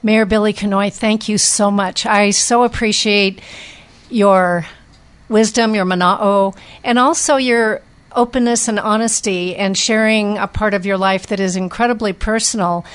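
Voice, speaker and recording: A woman's voice: medium pitch, fairly even intonation, a little slow, clean tone. A woman hosting a local talk show, asking questions and thanking her guest. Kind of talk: interview questions.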